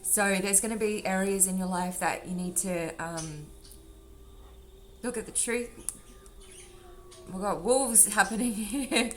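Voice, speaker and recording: A woman's voice: mid-range voice, unhurried, long pauses, a little hiss or hum. A woman doing a casual tarot reading for viewers, rambling and affectionate, calling them sweetheart and darling. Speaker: tarot reader. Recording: faint drum music underneath. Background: faint drum music.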